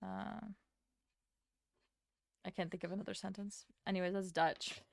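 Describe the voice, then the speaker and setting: A young woman from Latvia, a streamer chatting casually with her chat while she draws, rambling and answering with quick laughs. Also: mid-range voice, flat delivery, gravelly, no echo, studio quality. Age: young adult.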